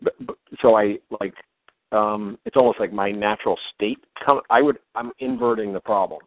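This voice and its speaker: A man in a coaching session, talking through his feelings in halting, stammering speech as he searches for words. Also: fairly low pitch, steady tone, dry recording. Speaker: client. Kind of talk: reflective self-exploration talk. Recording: dry phone-like line.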